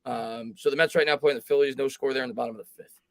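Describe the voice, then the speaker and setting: A man hosting a live sports talk stream, reading viewer comments aloud and thinking out loud with frequent restarts. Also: medium pitch, steady tone, quick pace, no room sound. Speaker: host.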